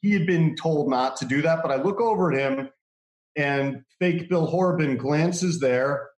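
A man casually telling a long anecdote, animated, laughing often and acting out what others said. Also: a little high, a little slow, echoey room. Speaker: guest telling a story.

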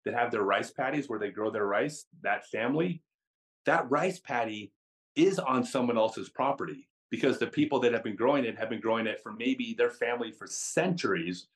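A man who is a podcast guest and tells chatty, animated stories with frequent restarts. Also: mid-range voice, moderate pace. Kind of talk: casual storytelling.

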